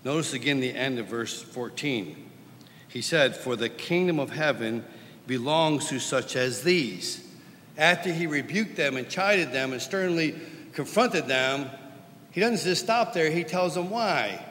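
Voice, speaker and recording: Emphatic preacher echoing through a hall. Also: male voice, expressive, a little slow, a little hiss or hum. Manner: emphatic preaching, swings from loud stern lines to low quiet asides. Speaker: pastor. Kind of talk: sermon.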